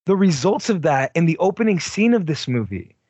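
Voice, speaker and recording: A man chatting about a film as podcast co-host, his voice high for a man and very lively in pitch. He talks bluntly, swearing freely and leaning on "like." The sound is slightly dull and lo-fi, with a husky edge. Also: a little fast, no room sound. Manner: blunt, profane, heavy use of "like". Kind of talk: casual movie discussion.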